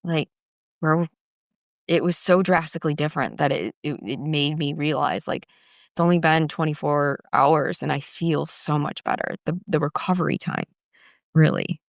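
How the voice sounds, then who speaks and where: A woman's voice: sits low, normal speed, vocal fry, no echo, clean studio sound. A woman in her forties, a guest candidly telling her own story, reflective, with frequent restarts and fillers. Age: 40s.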